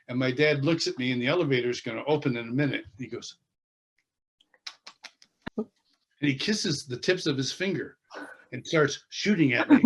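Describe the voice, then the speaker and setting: In a medium-pitched, slightly rough voice, a man being interviewed tells a story with lots of animation. He plays out the people in the tale expressively, chuckling and laughing throughout.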